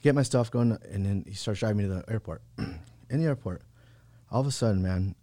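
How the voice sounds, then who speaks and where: Podcast guest, man in his 30s, slangy laid-back storyteller with a lowish voice, close dry mic. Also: fairly quick, mellow, no room sound. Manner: laid-back slangy talk, many "bro" and "like". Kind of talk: casual storytelling.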